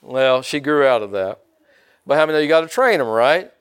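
A man's voice: mid-range voice, expressive, a little fast, clean tone. An older man from Indiana preaching a sermon in a folksy way, often calling out for amens. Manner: folksy, calls for amens from the congregation. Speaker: pastor.

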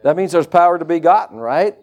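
A man preaching a sermon to a church congregation, animated and conversational, with folksy everyday asides. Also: fairly high pitch, fairly quick.

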